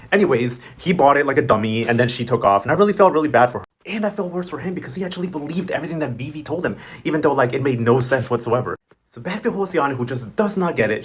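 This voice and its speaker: Fast-talking sassy young man. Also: a little high, a bit bright, slightly rough. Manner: sassy, gossipy, acts out characters' lines in quick asides. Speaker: recap host. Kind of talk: casual novela recap commentary.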